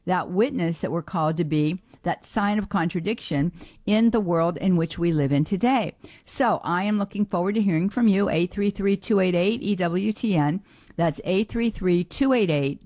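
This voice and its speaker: A woman's voice: fairly low pitch, darkish tone, no echo. A woman hosting a call-in radio show, chatty and exclamatory as she talks with callers.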